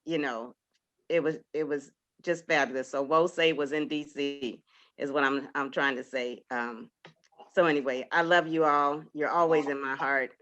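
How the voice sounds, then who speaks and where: A woman's voice: rumbling low, steady tone, normal speed, fairly bright tone, highs cut off. A woman in her sixties, a poet, giving a heartfelt spoken tribute to her community, laughing often and trailing off as she gets emotional. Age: 60s.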